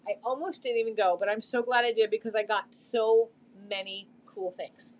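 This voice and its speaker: A woman's voice: a little high, fairly even intonation, moderate pace. A middle-aged woman chatting casually on a live stream about a thrift find, rambling a little with lots of fillers.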